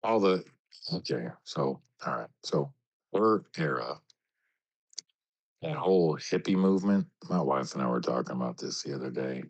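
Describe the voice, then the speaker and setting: A man's voice: extremely low pitch, lively intonation, moderate pace. A man ranting in a rambling, emphatic way during a casual political chat.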